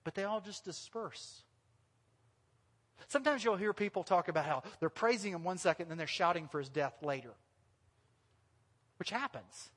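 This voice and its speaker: A man preaching a sermon as pastor, animated and lively, sometimes breaking into loud sung lines. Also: sits high, moderate pace, long pauses. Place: church hall. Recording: long hall reverb.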